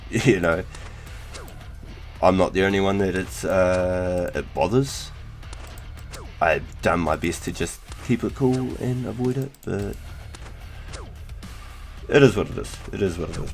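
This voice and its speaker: Man, New Zealand accent, deep low voice, laid-back streamer chat, slangy and sweary, faint music underneath. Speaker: game streamer. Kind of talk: casual live-stream chat.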